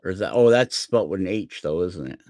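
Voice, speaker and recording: A man's voice: deep voice, expressive, fairly quick, darkish tone, dry recording. Middle-aged jersey guy rambling on a carving livestream, dry close sound. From New Jersey, USA. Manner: rambling, self-deprecating, laughs often. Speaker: woodcarving livestream host. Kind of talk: casual chat while carving.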